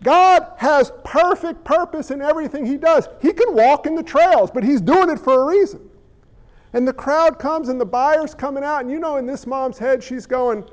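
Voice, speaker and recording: Pastor, male, very high voice, animated storytelling sermon, voices his characters. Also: normal speed. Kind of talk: sermon with acted-out scenes.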